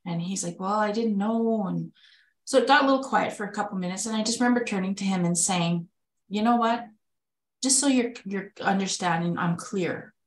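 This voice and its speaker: A woman's voice: medium pitch, moderate pace, roomy sound, poor audio. A woman telling a candid personal story in a conversational way, acting out the dialogue she quotes. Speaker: spouse of a kidney patient, webinar speaker.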